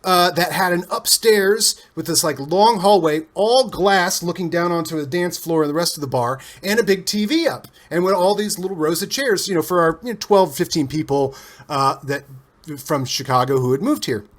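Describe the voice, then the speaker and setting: A man from Cincinnati, a guest on an interview show, telling stories in a loose, animated way with restarts and laughter. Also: sits high, moderate pace. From Cincinnati, USA. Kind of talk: casual storytelling interview.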